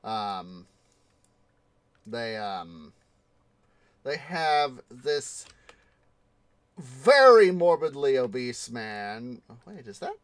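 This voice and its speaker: A man's voice: medium pitch, very animated, very slow, pauses often. A man hosting a casual gaming livestream, rambling through a story with many ums and restarts. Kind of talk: casual livestream chat while playing.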